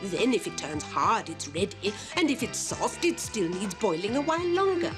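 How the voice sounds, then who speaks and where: A woman's voice: mid-range voice, sing-song, moderate pace, music in the background, natural voice. A woman voicing a kindly patient cook. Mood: gentle. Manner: gentle and patient. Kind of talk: animated series dub acting.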